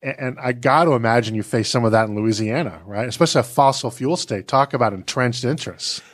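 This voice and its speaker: A man's voice: mid-range voice, quick pace. A man hosting an interview, framing his questions with hesitant restarts and personal asides. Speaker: host. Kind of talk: interview questions, casual chat.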